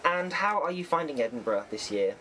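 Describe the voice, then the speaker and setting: A man's voice: on the high side, very animated, brisk, sharp tone, a little hiss or hum. A man hosting a podcast in a festival dressing room, talking in a put-on Australian accent, chatty and jokey with lots of fillers. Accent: mock Australian. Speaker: podcast host. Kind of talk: casual interview chat. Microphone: handheld camera.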